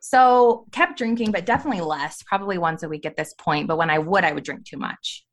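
A woman's voice: lowish voice, brisk. A woman in her thirties telling a candid personal story on a podcast, talking openly about her past. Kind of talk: personal testimony in conversation.

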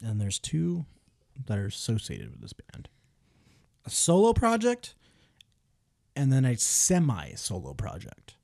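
A man's voice: medium pitch, huge pitch swings, measured pace, creaky, long pauses, a little mellow. A man co-hosting a podcast, running a music guessing game in casual, playful banter full of teasing and swearing. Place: small room with a window.

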